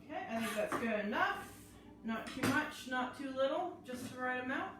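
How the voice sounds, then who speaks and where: A woman's voice: high-pitched, lively intonation, normal speed, heavy background noise. A woman hosting a live cooking class, chatting her way through each step as she chops and prepares food in a kitchen. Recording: very echoey room, mic far off.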